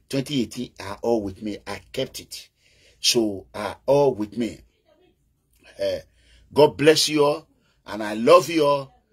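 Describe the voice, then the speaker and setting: A man's voice: medium pitch, breathy edge. A Nigerian man with an Edo accent, giving an emphatic casual political monologue, mixing in Pidgin and breaking into calls. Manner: emphatic, bursts into chanting and calls, mixes in Pidgin. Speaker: political commentator.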